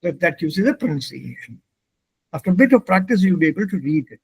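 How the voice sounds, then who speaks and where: A man's voice: fairly high pitch, very animated, quick pace, gravelly, a little mellow, breathy edge, dry recording. A man teaching a language class, explaining pronunciation patiently and switching between German and English. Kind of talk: classroom instruction.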